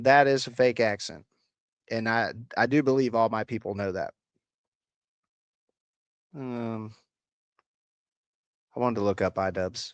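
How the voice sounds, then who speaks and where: A man's voice: mid-range voice, fairly even intonation, a little slow, long pauses, clean tone, no room sound, highs cut off. A man with a slight Appalachian country accent, hosting a casual livestream, reading chat aloud and answering with crude, sarcastic swearing.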